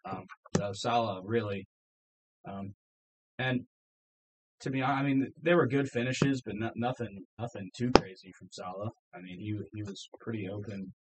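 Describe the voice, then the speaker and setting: A man casually recapping football results on a podcast, relaxed and full of ums. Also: on the low side, moderate pace, background noise. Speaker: podcast co-host. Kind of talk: casual sports chat.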